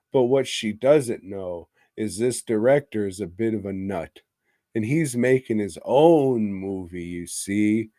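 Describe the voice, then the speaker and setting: A man with a lowish, darkish voice co-hosts a podcast, drinking and a bit tipsy while he meanders through a casual film review. He swears constantly and laughs in the middle of sentences. The recording is dry.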